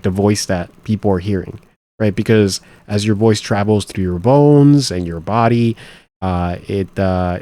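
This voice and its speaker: A man with a somewhat low voice comments casually on clips, circling his points and restarting sentences as he goes. The sound is dry and close, with little room around it. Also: darkish tone, no echo. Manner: rambling, thinking aloud with many restarts. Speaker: reaction video host.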